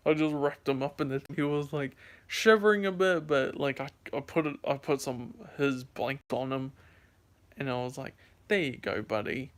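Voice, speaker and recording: A man's voice: mid-range voice, fairly even intonation, normal speed. A sleepy young man vlogging, telling a rambling story to his viewers with lots of fillers and restarts. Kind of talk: casual storytelling to camera.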